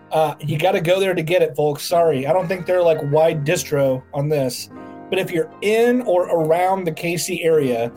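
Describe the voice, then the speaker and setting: A man co-hosts a sports podcast, his voice sitting a little high. He jokes and rambles loosely, full of fillers, while faint music plays behind him. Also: a little mellow. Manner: jokey, rambling, filler-heavy. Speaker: podcast co-host. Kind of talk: casual sports podcast chat.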